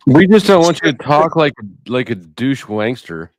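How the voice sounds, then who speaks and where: A man's voice: mid-range voice, very animated, normal speed, dry recording, studio quality. A man streaming on a livestream panel, teasing others and calling out viewers by name. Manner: teasing, reads out viewer names. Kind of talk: casual panel chat. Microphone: streaming call mic.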